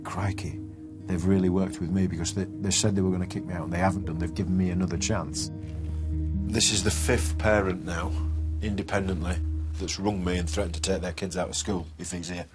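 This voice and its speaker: A man, a head teacher speaking in a firm, measured way. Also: low voice, fairly even intonation, music in the background. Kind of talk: documentary interview and meeting.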